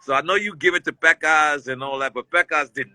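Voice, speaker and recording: A man's voice: a little high, a little fast, heavy background noise. A man speaking as a guest in a casual, heartfelt conversation. He tells a story with feeling and repeats himself often. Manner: emotional, repetitive, storytelling.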